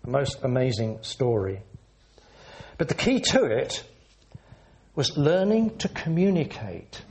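A man preaching a sermon in an earnest, measured teaching manner, leaning into words for emphasis. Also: mid-range voice, sing-song, darkish tone.

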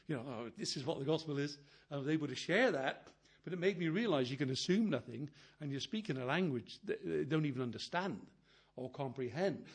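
An older man preaching a sermon. He talks earnestly, quotes scripture, and swings between quiet asides and emphatic bursts. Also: mid-range voice, breathy edge.

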